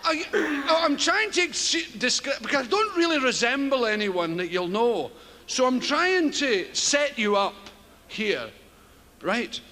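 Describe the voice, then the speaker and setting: A man's voice: very high-pitched, very animated, unhurried. A Scottish man doing live stand-up comedy on stage, rambling and swearing in rhythmic bursts. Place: stage before a large live audience. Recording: noisy live show with loud crowd.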